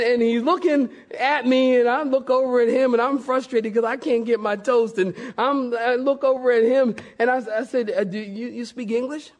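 A male preacher delivering a sermon, lively and jokey, spinning stories for his congregation. His voice sits high for a man. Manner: animated, jokey storytelling.

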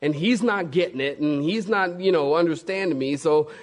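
High-voiced animated preacher. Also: male voice, normal speed. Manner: animated, jokey storytelling. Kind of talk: sermon.

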